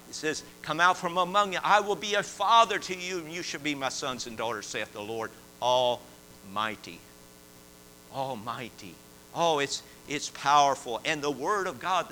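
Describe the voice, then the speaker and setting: A man, a prison chaplain preaching a sermon and telling stories in a folksy way, at times rising into shouted praise. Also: on the high side, slight background noise, poor audio. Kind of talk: sermon with testimony.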